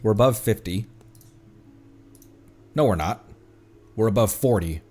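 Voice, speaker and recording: Lively, chatty male game streamer. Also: fairly low pitch, unhurried. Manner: chatty, thinking aloud, playful. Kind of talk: casual gaming commentary.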